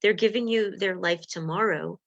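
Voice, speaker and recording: A woman working as a relationship coach gives a live-streamed coaching talk to viewers in a lively, conversational way. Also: medium pitch, normal speed, creaky. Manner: lively, conversational, acts out example dialogues. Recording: dull lo-fi recording.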